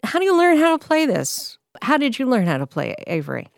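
A woman's voice: sits high, wildly swooping pitch, a little fast, creaky, no room sound, clean studio sound. A woman hosting a radio interview, asking the band direct, friendly questions.

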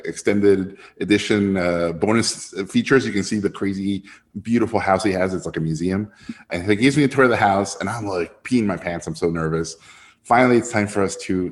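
A man, a filmmaker guest telling an animated anecdote and jumping high in pitch when he quotes others. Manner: lively storyteller, jumps high when quoting others.

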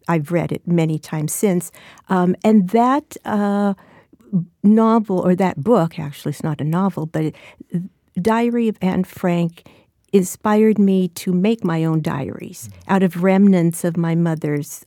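A woman's voice: fairly low pitch, warm tone, no echo, clean studio sound. A woman in her sixties, an author being interviewed, who speaks reflectively with frequent restarts. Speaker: author and guest. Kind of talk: interview conversation and reading.

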